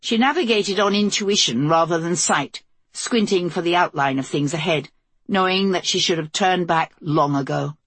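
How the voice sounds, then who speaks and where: A woman narrating a novel as an audiobook in a steady, measured storytelling voice, recorded close to the mic. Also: fairly low pitch, slightly rough, no echo. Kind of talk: scripted narration.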